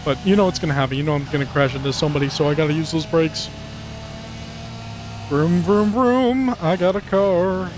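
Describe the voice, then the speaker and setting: A man giving casual, profane commentary over a racing game, rambling and ranting with animated outbursts. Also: fairly high pitch, quick pace, few pauses. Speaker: gaming commentator. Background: game music and car engines.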